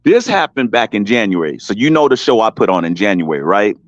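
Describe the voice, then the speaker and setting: On a casual online panel live stream, a man with a lowish voice tells a long, brisk, very animated story full of emphasis, restarts and repeated names. The recording is dry, with a dull lo-fi quality.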